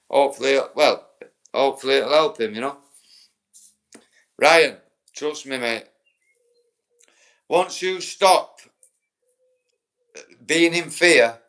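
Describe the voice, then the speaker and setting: This livestreamer, a forties-aged man with a Yorkshire accent, tells rambling, profanity-heavy stories in casual chat. His voice is medium in pitch and a little bright.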